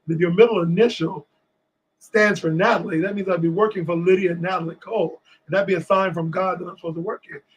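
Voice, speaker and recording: A man from Washington, D.C., a guest on a talk show, telling lively stories and acting out what people said. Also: high voice, quick pace, slight background noise, low-quality recording. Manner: animated storyteller acting out quotes. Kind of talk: storytelling in a casual interview.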